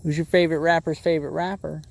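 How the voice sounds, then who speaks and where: A man livestreaming bass fishing from a boat on a lake, chatting with viewers in an easygoing way and talking excitedly to the fish as he reels it in. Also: fast talker, creaky. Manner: excitable, talks to the fish and chat. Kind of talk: casual live commentary while fishing.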